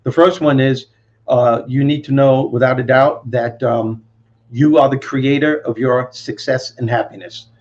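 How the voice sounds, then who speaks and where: A man from Brooklyn with a Brooklyn accent, a guest motivational speaker telling stories in an animated, confident way. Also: mid-range voice, a little slow, lo-fi sound. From Brooklyn, New York. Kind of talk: interview storytelling.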